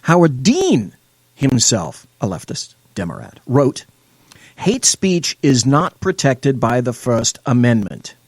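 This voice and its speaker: A man's voice: mid-range voice, very animated, slow, a little mellow, no echo. A man hosting a live show, reading quotes aloud and tearing into them with scorn. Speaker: show host. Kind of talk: opinionated live-stream talk.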